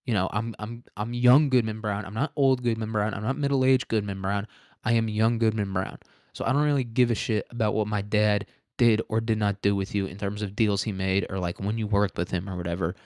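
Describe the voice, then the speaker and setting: A man's voice: fairly low pitch, darkish tone, no room sound, clean studio sound, close to an everyday voice. A man voicing a blunt, irritated young Puritan man who swears and brushes people off. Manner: gruff, swearing, dismissive.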